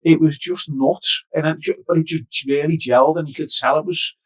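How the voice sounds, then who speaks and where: A man chats on a podcast as a DJ guest, telling long, sweary stories full of restarts in a fairly high voice. His mic sounds distant and doubled, as if two channels were left on. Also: steady tone, moderate pace. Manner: sweary, rambling storyteller with restarts. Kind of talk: casual podcast chat.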